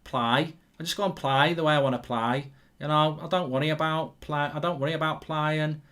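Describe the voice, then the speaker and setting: A cocky young male footballer, as a man impersonates him, brags in a breezy put-on Scouse accent. He sits a little higher than a normal chatty voice and keeps repeating that nothing bothers him. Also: fairly even intonation, fairly quick, fairly bright tone, natural voice. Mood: carefree. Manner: breezy, boastful, repetitive.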